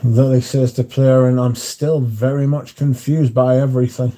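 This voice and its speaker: A man's voice: medium pitch, little pitch movement, normal speed, mellow. Dry, offhand man. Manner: dry, offhand, reads chat comments aloud and answers briefly. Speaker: livestream host reading chat. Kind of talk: casual chat.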